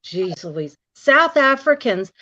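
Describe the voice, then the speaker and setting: A middle-aged woman chatting casually in a rather high voice. She rambles and often restarts her sentences. The audio is dull and lo-fi. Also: very animated, slow pace, a bit bright. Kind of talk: casual chat.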